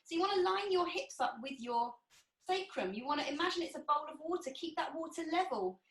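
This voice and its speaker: Woman, pilates instructor, encouraging, high voice, distant mic, echoey room. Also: expressive, fairly quick, fairly bright tone. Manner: encouraging, cueing breaths and movements. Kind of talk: guided exercise class.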